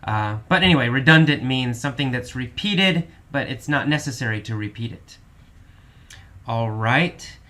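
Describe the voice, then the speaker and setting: Bright-voiced man patiently explaining vocabulary. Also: medium pitch, animated. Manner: slow, patient explanations with repetition and fillers. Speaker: English teacher. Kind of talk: vocabulary lesson explaining words.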